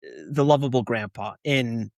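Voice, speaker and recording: A man co-hosting a casual movie podcast at a mid-range pitch. He speaks haltingly, leaning on fillers and restarting his sentences, and he breaks into put-on voices to act out quotes. The sound is dry and close. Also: no room sound. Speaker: podcast co-host.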